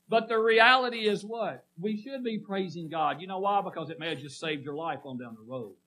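A man's voice: fairly high pitch, animated, quick pace, hardly any pauses, bright, forceful tone, low-quality recording. A middle-aged man preaching a sermon in a folksy way, often putting questions to the congregation.

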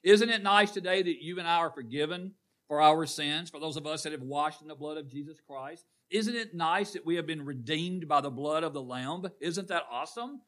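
Emphatic preacher, bright voice. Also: male voice, on the high side, normal speed. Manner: emphatic, quizzes the congregation. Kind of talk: call-and-response sermon. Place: church sanctuary.

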